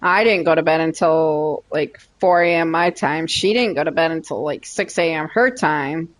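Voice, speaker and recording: A woman game streamer chatting casually and teasing her viewers and pets while she plays. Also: deep voice. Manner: playful, teasing, drawn-out. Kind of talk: casual chat while gaming.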